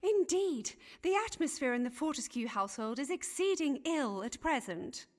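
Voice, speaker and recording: A woman's voice: sits high, very animated, moderate pace. A fussy, gossipy Elizabethan lady. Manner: chattering, archaic phrasing. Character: fussy gossipy Elizabethan noblewoman, indignant and self-important. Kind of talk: game voice acting.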